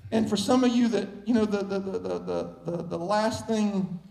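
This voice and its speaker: A preaching man with a strikingly high voice, delivering a sermon from the pulpit. He talks emphatically and works up to shouts. The room carries a clear echo. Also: normal speed. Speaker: pastor. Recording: echoey room.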